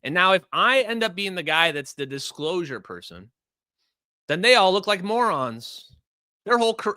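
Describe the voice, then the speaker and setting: A man's voice: high-pitched, sing-song, normal speed, bright, forceful tone, no room sound. A man hosting a livestream, delivering heated, emphatic commentary full of rhetorical questions. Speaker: livestream host.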